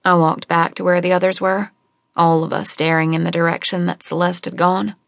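A woman reading a first-person novel as audiobook narrator, in a measured, steady storytelling manner at a close studio microphone. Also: lowish voice, vocal fry, no echo.

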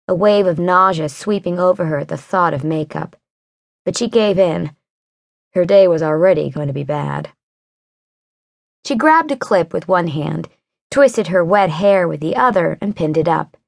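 Give me a female audiobook narrator with a low voice and a measured delivery. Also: creaky, dry recording, clean studio sound. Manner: measured, unhurried storytelling. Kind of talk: scripted narration.

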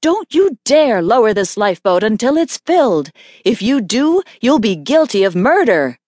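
A woman voicing a wealthy American spinster who talks loudly and commandingly, in a dry recording. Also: fairly high pitch, very animated, normal speed, dry recording, pitched above the performer's own voice. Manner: loud and commanding.

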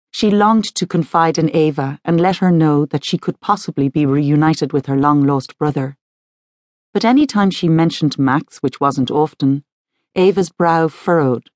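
A woman narrating a novel in a calm, measured audiobook style. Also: low voice, no room sound, clean studio sound. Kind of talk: scripted narration.

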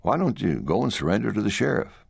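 A man's voice: on the low side, big pitch swings, fast talker, creaky, husky, no echo, clean studio sound, voice pushed up, exaggerated voice. A man voicing a folksy outlaw sidekick who chides his partner, in an audiobook. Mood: chiding.

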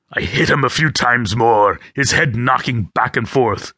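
A man's voice: medium pitch, unhurried, few pauses, pushed and bright, breathy edge, dry recording. A man reading a first-person audiobook with gritty, vivid storytelling, close to a studio mic. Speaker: audiobook narrator.

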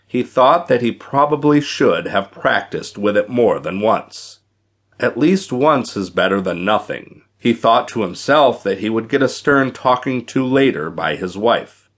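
A man narrating an audiobook adventure in scripted, expressive storytelling. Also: mid-range voice, measured pace.

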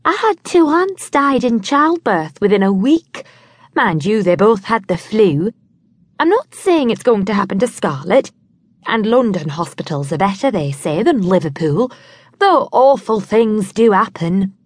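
A woman's voice: medium pitch, big pitch swings, measured pace, dry recording. A woman reading as a young female typist who talks bluntly and gloomily. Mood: gloomy.

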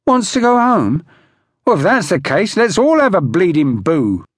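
A man voicing a weary young male conscript soldier who coaxes and pleads in a gruff, fatherly way. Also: on the high side, wildly swooping pitch, moderate pace, dry recording, studio quality, pitched above the performer's own voice, exaggerated voice. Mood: weary coaxing.

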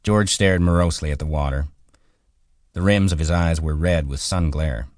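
A man reading a novel aloud as an audiobook narrator, calm and measured, on a close studio mic. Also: rumbling low, dry recording. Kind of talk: scripted narration.

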